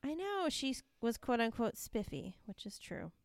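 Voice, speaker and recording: A woman's voice: fairly high pitch, very animated, moderate pace, gravelly, no room sound, studio quality. A woman co-hosting a podcast, chatting casually and enthusiastically about wrestling with lots of fillers. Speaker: podcast co-host. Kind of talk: casual chat recapping wrestling.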